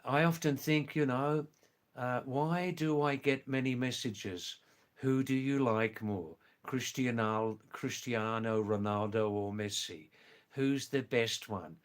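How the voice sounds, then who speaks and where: An older retired man with roots in England and Australia reads out messages from his live stream viewers in a smooth, mid-range voice. His pace is slow and unhurried, and he gently repeats himself, often saying "you know" and "yes."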